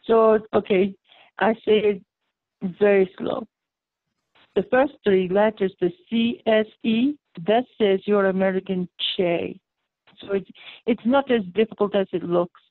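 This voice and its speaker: A woman guest calling into a radio talk show, explaining her work in a steady, methodical way. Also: mid-range voice, a little slow, no room sound. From raised in the Roma community. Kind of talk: radio interview by phone. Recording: tinny phone line.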